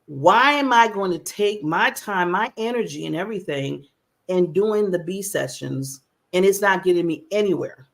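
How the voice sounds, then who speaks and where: A woman's voice: lowish voice, lively intonation, normal speed, vocal fry. A woman in her mid fifties hosting a casual talk show. She chats openly, laughs often and plays up her stories. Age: 50s. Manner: laughs often, open and chatty. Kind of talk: casual interview chat.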